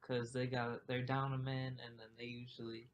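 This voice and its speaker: A young man co-hosts a relaxed podcast, easygoing and quick to laugh between short answers. His voice is mid-pitched, and faint background noise sits under the recording. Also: lo-fi sound. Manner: laid-back, laughs often, short agreeing replies. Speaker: podcast co-host. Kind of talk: casual chat.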